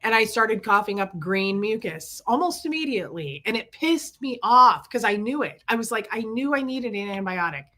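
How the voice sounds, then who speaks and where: A middle-aged woman telling a story to her viewers. She is sick with chest congestion and rants in animated bursts, stopping to greet viewers by name. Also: a little high, normal speed, hardly any pauses. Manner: ranting, animated storytelling, reading out viewer names. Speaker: livestream host. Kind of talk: casual chat to viewers.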